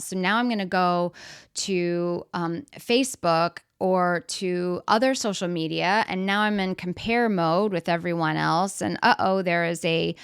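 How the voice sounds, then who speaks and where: A woman's voice: on the low side, clear, resonant tone, dry recording, clean studio sound. A middle-aged woman giving a motivational talk in a conversational way, acting out everyday scenes and putting questions to the audience. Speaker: speaker.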